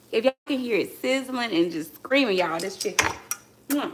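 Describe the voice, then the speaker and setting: In her home kitchen, a woman runs a casual live cooking stream, chatting with viewers and calling out to them constantly while she cooks. Her mid-range voice has lively intonation at normal speed, the recording is rough, and pots and dishes clatter in the background.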